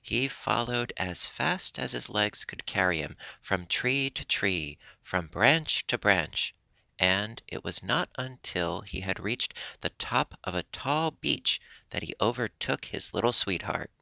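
A man narrating a children's animal story in a gentle, measured way. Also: on the low side, animated, creaky, no echo.

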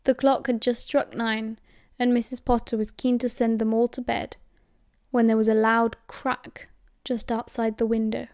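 A woman's voice: a little high, no room sound, clean studio sound. British woman narrating an audiobook. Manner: steady, measured storytelling. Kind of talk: scripted narration.

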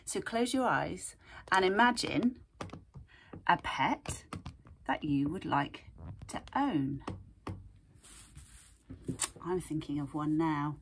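A woman art teacher reads a picture book aloud and gently guides young children in drawing, asking questions along the way. Her voice sits low and is expressive, slow, and full of pauses, with slight background noise.

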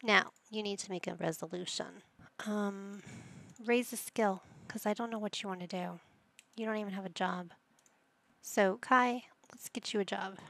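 A woman's voice: mid-range voice, gravelly, fairly bright tone, dry recording. A woman hosting a casual let's-play, chatting to the game characters as she plays. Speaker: gaming channel host.

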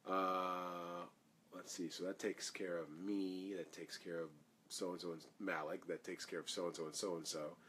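A man's voice: low voice, flat delivery, measured pace, fairly bright tone, slight background noise. A man, an actor, answering fan questions in a casual live Q&A, reading each question aloud and rambling through his answers.

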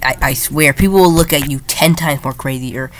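A woman giving playful, jokey commentary while playing a strategy game, often jumping into silly high voices. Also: moderate pace, slight background noise. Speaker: gaming YouTuber. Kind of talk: casual gameplay commentary.

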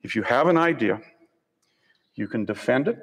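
A man's voice: medium pitch, lively intonation, normal speed, creaky, slightly rough. An older man from Saskatchewan giving a public lecture as a university professor, telling stories with dry humor. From Canada (Saskatchewan). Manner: conversational storytelling with dry humor. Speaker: university professor and senior officer, guest speaker. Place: lecture room on a college campus. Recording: long hall reverb.

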